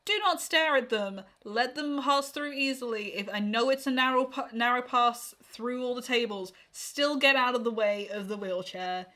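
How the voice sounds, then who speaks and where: A woman co-hosting a casual podcast, her voice sitting a little higher than most. She speaks frankly and gives blunt advice, laughing often as she talks. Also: normal speed, few pauses, sharp tone. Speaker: podcast co-host. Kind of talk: casual chat.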